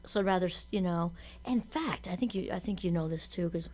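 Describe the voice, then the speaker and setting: A woman co-hosting a casual podcast conversation, chatty and enthusiastic, quick to agree and to laugh. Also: fairly low pitch, dark tone. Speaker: podcast co-host.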